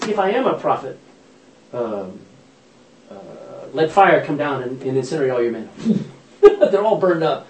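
Male Bible study teacher, very animated pitch, chatty storyteller, slightly high voice. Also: a little hiss or hum. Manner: animated, chatty storytelling with self-corrections and laughs.

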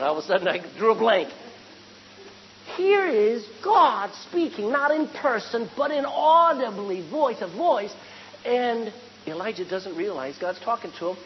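A woman delivers a sermon in a reverberant sanctuary, her fairly high voice rising and falling with lively swings. She poses questions to the congregation and acts out the lines she quotes. The recording is dull and lo-fi, with faint room noise behind her. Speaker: preacher.

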